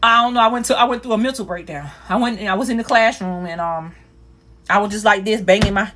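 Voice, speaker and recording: A woman on a phone livestream, telling a painful personal story in a rapid, repetitive, earnest way. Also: mid-range voice, sharp tone. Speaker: livestream host.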